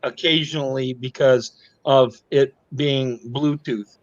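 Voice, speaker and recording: A man's voice: medium pitch, steady tone, takes it slowly, no echo. Easygoing man, dull dry audio. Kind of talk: casual chat on a live stream.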